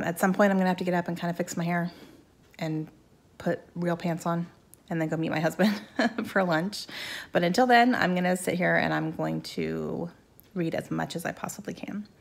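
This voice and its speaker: A woman's voice: on the low side, gravelly. A woman in her thirties chatting casually in a reading vlog at home, upbeat and laughing often. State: talking around a mint in her mouth. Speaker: book vlogger.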